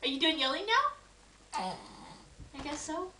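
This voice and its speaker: A woman's voice: high voice, animated, a little slow, bright, forceful tone, distant mic. A woman filming her baby at home and talking to him in a playful, coaxing sing-song voice. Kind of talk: home video baby talk. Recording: echoey home video room.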